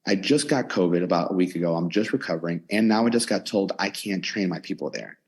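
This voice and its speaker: Fast and low with some breathiness, a young man in his 20s, a personal trainer, gives an energetic, candid retelling of his life on a casual podcast. He slips in his inner dialogue as he goes, and the recording takes place in his own gym, set up in a converted storage unit.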